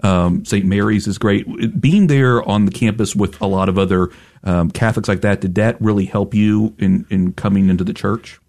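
A man hosting a radio interview in a studio, asking friendly, measured questions. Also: fairly low pitch, steady tone, darkish tone. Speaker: radio host.

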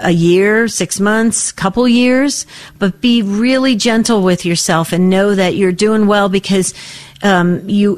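A woman co-hosting a faith-based call-in radio show, speaking in a gentle, encouraging way to a caller. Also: medium pitch.

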